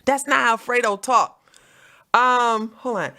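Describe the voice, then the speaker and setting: A woman hosting an online commentary show, talking in a profane, laughing, animated way. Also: a little high, slow. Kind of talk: casual mocking commentary.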